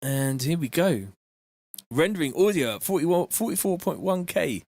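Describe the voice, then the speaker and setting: A man chatting casually on a live stream, reading out viewer messages in a relaxed, slangy way from his home studio. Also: on the high side, normal speed, no echo. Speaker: music producer streaming live.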